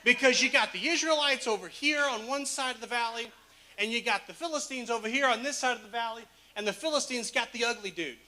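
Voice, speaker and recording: Male pastor, sermon, casual joking storytelling, high voice, bright tone. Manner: casual, humorous storytelling with laughs.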